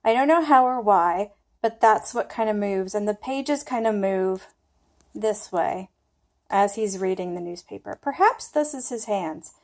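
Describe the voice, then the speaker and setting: A woman's voice: mid-range voice, expressive, a little slow, a little mellow. A young woman casually talking through her own study flashcards, thinking aloud and poking fun at herself as she tries to remember. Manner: chatty, thinks aloud, self-deprecating. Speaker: language learner sharing study method.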